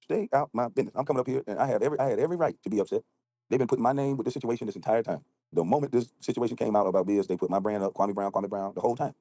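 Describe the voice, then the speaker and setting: A man livestreaming from an outdoor balcony at night, ranting rapidly and combatively and acting out both sides of an argument. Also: fairly low pitch, mellow, dry recording. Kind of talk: heated casual livestream rant.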